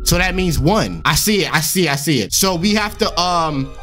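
Young guy doing horror game commentary, kinda high voice that jumps all over, slangy and cussing, game music going behind. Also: moderate pace. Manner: animated, slangy, swearing, yelps and shouts when startled. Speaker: gaming YouTuber.

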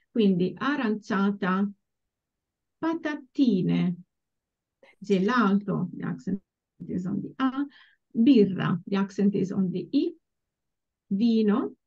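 A woman teaching a language class over a video call, slowly and patiently modeling words for students to repeat. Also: medium pitch, mellow. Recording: dull lo-fi call audio.

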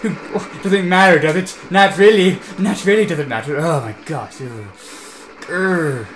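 A young man doing let's play commentary, ranting in frustration at a racing game and mixing shouts with laughter. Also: high-pitched, a little slow. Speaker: gameplay commentator. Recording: echoey room with game music.

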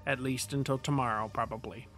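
A man's voice: medium pitch, steady tone, fairly quick, fairly bright tone, soft background music. A man streaming a game and chatting casually with his viewers, laughing often and swearing now and then. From United States.

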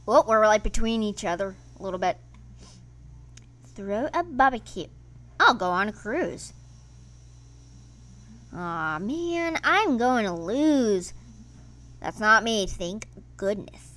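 A woman hosting her gaming channel, giving casual let's-play commentary in an excitable, playfully grumbling way. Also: mid-range voice, slow, long pauses.

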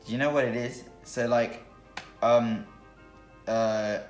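A man's voice: mid-range voice, slow. Rambling young man with an Australian accent. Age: young adult. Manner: rambling, animated, many fillers. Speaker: host's son. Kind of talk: casual family chat. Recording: echoey room, faint music.

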